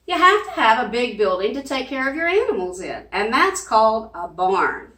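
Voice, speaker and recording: A woman's voice: medium pitch, a bit bright. A woman, a children's librarian leading a sing-along lesson with cheerful, coaxing talk and animal sounds. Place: library room. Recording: echoey room, mic at a distance.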